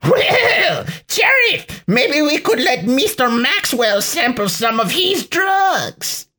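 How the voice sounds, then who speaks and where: A man voicing a sneering male drug lord villain with a put-on thick Spanish accent, shrill and growling. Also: very animated, slow pace, sharp tone, exaggerated voice. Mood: gloating.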